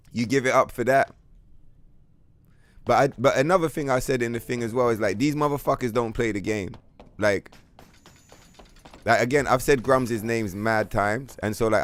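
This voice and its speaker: Blunt London man streaming a game. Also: lowish voice. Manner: blunt, profane, trollish banter. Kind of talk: casual livestream chat.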